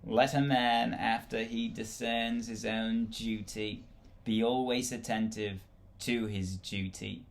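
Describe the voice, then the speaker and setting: A man putting on an accent to recite ancient wise sayings slowly and loudly, like a solemn sage. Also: on the low side, fairly even intonation, vocal fry. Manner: slow, loud, put-on accent.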